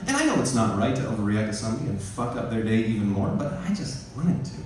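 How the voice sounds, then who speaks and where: A man's voice: fairly low pitch, fast talker. A man doing stand-up, telling a profane story and acting out both sides of an argument. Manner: animated, profane, acts out both sides of a quarrel. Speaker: stand-up comedian. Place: comedy club stage. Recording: echoey club from a distance, faint room noise.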